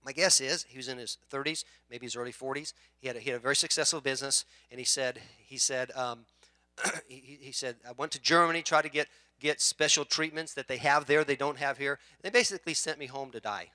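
A pastor preaches a sermon, telling a story with acted-out voices and swinging between quiet asides and loud shouts. His mid-range voice moves fairly quickly, with no room sound.

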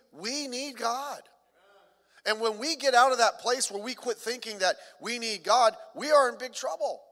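High, bright-voiced man preaching. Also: long reverb tail. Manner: conversational, joking asides, repeats words. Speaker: pastor. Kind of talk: sermon.

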